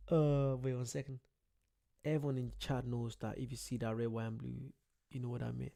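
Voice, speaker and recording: A young Irish man chats loosely through a livestream, with a mellow, warm tone. He reads viewer comments aloud and rambles. His jokes are at his own expense. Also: mid-range voice, little pitch movement, a little slow, creaky, long pauses. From Ireland. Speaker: streamer. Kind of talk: casual livestream chat.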